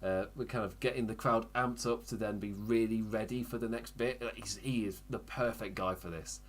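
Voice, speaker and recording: A man hosting a wrestling podcast, chatting casually with frequent laughs and quick self-interrupting asides. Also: on the low side, steady tone. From United Kingdom. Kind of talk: casual live recap commentary.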